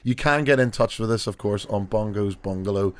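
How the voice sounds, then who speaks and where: A man's voice: fairly low pitch, brisk, dry recording. A man hosting a podcast in casual chat, joking and laughing with his co-hosts. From England. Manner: laughing, joking, tries comic accents. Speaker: podcast host.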